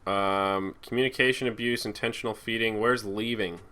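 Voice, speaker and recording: A man's voice: lowish voice, steady tone, normal speed, sharp tone. A young man from New Jersey co-hosting a casual podcast, sarcastic and ranting, swearing often. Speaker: co-host.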